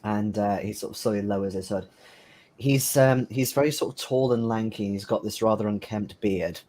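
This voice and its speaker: A man's voice: on the low side, normal speed, darkish tone. A man narrating as game master of a tabletop horror game, hesitant and full of ums.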